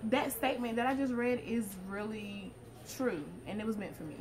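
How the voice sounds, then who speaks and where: An earnest young woman reflects thoughtfully, trailing off with fillers as she talks. Her voice sits a little high, with clear background noise underneath. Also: expressive, moderate pace. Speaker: interviewee. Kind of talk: casual reflective chat.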